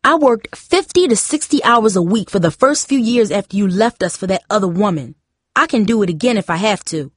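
A woman's voice: medium pitch, lively intonation, brisk, dry recording, clean studio sound, natural voice. A woman voicing a furious mother who hollers and lashes back during an argument. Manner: hollering, lashing out. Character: furious mother, emergency nurse, fuming.

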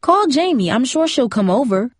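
A woman's voice: high voice, very animated, normal speed, dry recording, studio quality, pitched above the performer's own voice. A woman voicing an easygoing single mother who soothes her daughter casually. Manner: soothing, casual, endearing "baby".

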